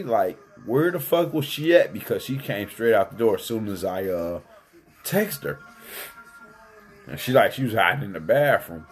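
A man's voice: lowish voice, breathy edge. A man in casual chat, telling a family story in a heated, profane way.

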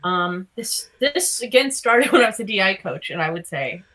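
A woman's voice: medium pitch, animated, moderate pace, pushed and bright. A middle-aged woman co-hosting a podcast, chatting casually in a rambling, self-mocking way with plenty of fillers. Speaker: podcast co-host. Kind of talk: casual chat.

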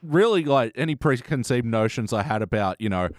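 Male podcast co-host, mid pitch, dry close sound, quick to laugh, casual banter. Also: animated, no echo. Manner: laughs easily, quick wisecracks. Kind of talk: casual chat.

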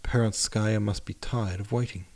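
A man's voice: fairly low pitch, steady tone, normal speed, vocal fry, darkish tone. A man reading aloud, voicing a genial, impatient aristocratic father waiting for his family. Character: fond, dressed-up old count, a father.

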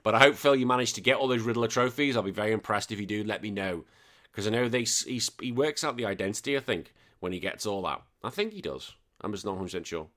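Male podcast host, bright forceful voice, loose and sweary, rambling casual chat. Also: on the low side, animated, quick pace. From United Kingdom. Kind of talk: casual chat reading listener comments.

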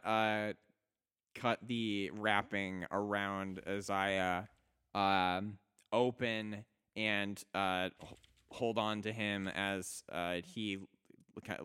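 A young man narrating a tabletop game as game master, halting often with fillers and restarts. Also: lowish voice, level tone, fairly bright tone, clean tone.

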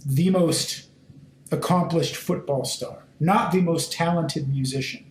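A man teaching a sermon and reading scripture aloud, speaking in short, deliberate phrases and pressing his listeners with emphatic questions. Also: a little high, slight background noise. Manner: slow, deliberate phrasing in short measured fragments. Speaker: Bible teacher. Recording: roomy echo.

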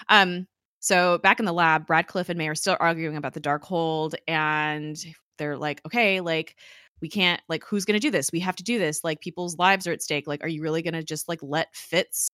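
A woman's voice: fairly low pitch, normal speed, pushed and bright, no echo, studio quality. A young woman in casual chat, recapping a TV episode and paraphrasing the characters with lots of "like". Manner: chatty, peppers speech with "like", paraphrases characters' lines. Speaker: podcast host recapping a TV episode.

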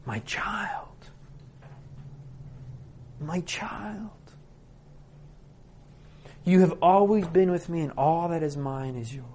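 A man voicing a heartbroken, loving father, speaking softly and pleading. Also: a little high, normal speed, hardly any pauses, a little hiss or hum, natural voice. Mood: tender. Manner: soft, near-whispered pleading.

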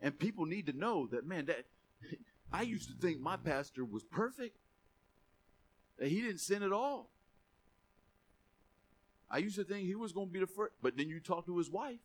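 A man preaching a sermon with passion, moving between quiet, chatty asides and raised, driving declarations. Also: high-pitched, sing-song, moderate pace, long pauses.

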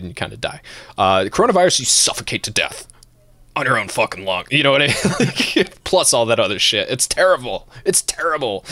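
This casual stream podcast's co-host, a man with a medium-pitched voice, goes on profane, lively rants punctuated by laughter and plenty of swearing. There's no echo.

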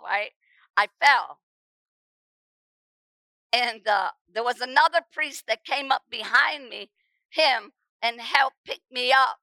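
A middle-aged woman preacher telling her testimony with emphasis, often repeating words and rising to shouts at the dramatic moments. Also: a little high, no room sound, rough recording. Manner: repeats words when stirred. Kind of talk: testimony sermon.

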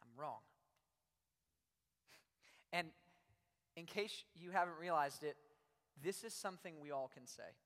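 A man's voice: on the high side, measured pace, pauses often, a bit bright. A young adult man preaching a sermon to a youth audience in a large room, talking conversationally and animatedly with lots of "like" fillers. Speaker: youth pastor. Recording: long hall reverb.

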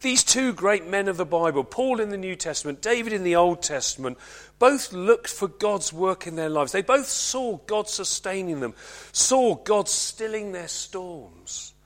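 A man preaching a Christmas sermon at a church service, earnest and often slowing to a near hush. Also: sits high, lively intonation. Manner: earnest, slows and drops to a hush on key lines.

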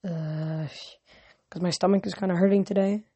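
A woman's voice: fairly low pitch, steady tone, normal speed, mellow, slightly rough, no echo. Woman reading a novel aloud, stumbling. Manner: stumbles and restarts words often. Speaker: reader. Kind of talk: casual read-aloud of a novel.

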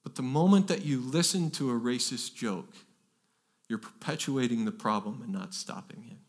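A pastor preaching a sermon, earnest and emphatic, often repeating words and pushing his voice up to stress key phrases. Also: medium pitch.

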